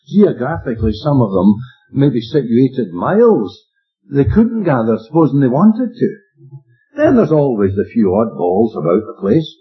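A man's voice: a little high, breathy edge. A man preaching an expository Bible teaching, emphatic and plain-spoken, asking his listeners rhetorical questions. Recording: dull lo-fi recording with faint music.

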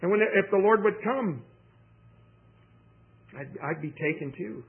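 A man's voice: high voice, animated, unhurried, gravelly. A man preaching a sermon, emphatic, with personal stories and impassioned questions to the congregation. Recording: tinny phone-like audio.

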